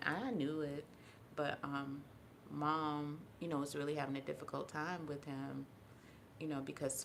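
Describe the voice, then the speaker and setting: A woman's voice: deep voice, a little hiss or hum. A woman guest on a podcast, telling personal stories in casual conversation and acting out the people in them. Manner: earnest storyteller, acts out quoted voices. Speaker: podcast guest, holistic health practitioner.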